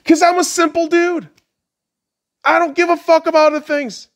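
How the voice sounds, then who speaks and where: A man's voice: very high voice, little pitch movement, normal speed. A man hosting a podcast, ranting bluntly and crudely, mocking his listeners and laughing at his own jokes. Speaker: podcast host. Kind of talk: profane solo rant.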